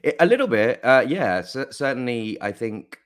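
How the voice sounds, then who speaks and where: A man's voice: mid-range voice, big pitch swings, moderate pace. A man from Mexico, an actor, talking in a casual interview with a mostly English accent that has American touches, hesitant with many fillers. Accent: mixed, mostly English with American touches. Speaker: guest actor.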